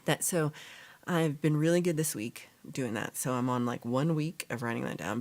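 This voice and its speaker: A woman's voice: extremely low pitch, normal speed, a little mellow. A woman hosting a casual livestream chat, rambling with fillers as she reads out and answers viewers' comments. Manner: rambling with fillers and self-corrections. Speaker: livestream host.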